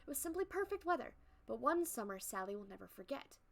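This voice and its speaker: A young adult woman streamer reading a story aloud on a live stream, chatting with viewers between passages in a playful, animated way. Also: sits high, fast talker, creaky.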